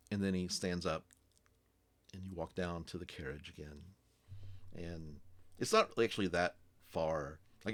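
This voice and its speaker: A man's voice: low voice, a bit bright. A man narrating as game master in a hesitant, rambling way, full of fillers.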